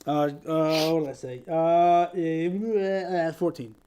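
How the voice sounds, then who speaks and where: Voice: medium pitch, fairly even intonation, slow, mellow, clean tone. A game master running a tabletop game, talking in a hesitant, apologetic way with many fillers. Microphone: headphones.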